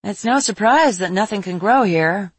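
A woman voicing a steady, brave young female mage who explains things matter-of-factly. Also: mid-range voice, moderate pace, slightly rough, no room sound.

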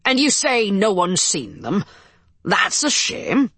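A woman voicing an Irish police captain in an audiobook, speaking slowly and measuredly with an Irish accent. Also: mid-range voice, wildly swooping pitch, a bit bright, slightly rough, no room sound, exaggerated voice. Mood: measured, reassuring. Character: burly Irish police captain, gruff but reassuring. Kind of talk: audiobook character voice.

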